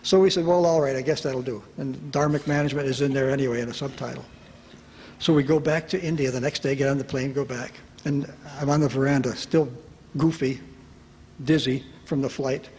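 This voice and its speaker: A man telling a personal story to an audience at a retreat, lively and self-mocking, acting out the voices of the people in it. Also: medium pitch, fairly quick. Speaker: speaker at a retreat. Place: large hall at a retreat. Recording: reverberant hall with faint background noise.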